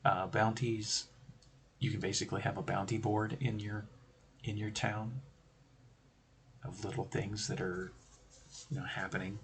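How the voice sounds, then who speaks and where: Gravelly low-voiced man explaining game design. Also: little pitch movement, a little slow, pauses often, slight background noise. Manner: rambling, conversational, joking asides. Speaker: stream host. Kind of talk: casual explanatory talk on tabletop game design.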